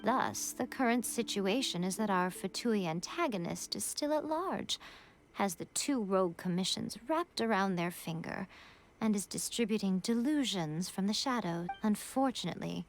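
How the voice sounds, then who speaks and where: An actress playing a sly, composed shrine priestess who speaks in a teasing, unhurried way, with soft game music behind her. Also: mid-range voice, expressive, close to an everyday voice. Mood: scheming. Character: sly poised fox-like shrine priestess woman.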